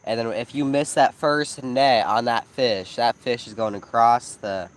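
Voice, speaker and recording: A man's voice: mid-range voice, fairly even intonation, unhurried, rough recording. A man chatting casually on a live night fishing stream outdoors by a pond, telling fishing stories and asking viewers to choose the bait. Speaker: fishing channel co-host.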